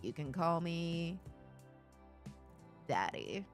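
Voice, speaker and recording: Young woman streamer, bright lively voice, laughs loud and jokes with chat. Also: normal speed, soft background music. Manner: animated, swings from low mumbles to shrieking laughs; reads chat aloud and jokes with viewers. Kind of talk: casual live-stream chat.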